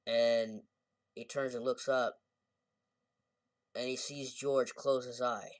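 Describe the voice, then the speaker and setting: A man's voice: mid-range voice, level tone, slow, no room sound, recorded from a distance. A man giving a casual, rambling movie review, often correcting himself as he retells scenes.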